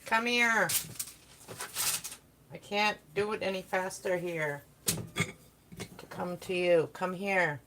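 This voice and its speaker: A woman's voice: lowish voice, slow pace, pauses often. A woman hosting a casual baking livestream, chatting and rambling to her viewers and her kitten in a home kitchen. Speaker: livestream host. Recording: noisy background.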